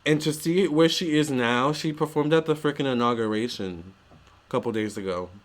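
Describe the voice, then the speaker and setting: A man's voice: mid-range voice, moderate pace. Gushing young man telling stories. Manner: chatty, gushing, lots of fillers. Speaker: vlogger. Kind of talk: casual storytelling vlog.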